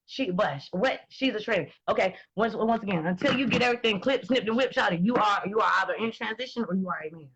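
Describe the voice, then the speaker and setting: A woman, talking in blunt, profane and animated casual chat as host. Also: mid-range voice, quick pace, hardly any pauses, husky, dull audio. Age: 20s.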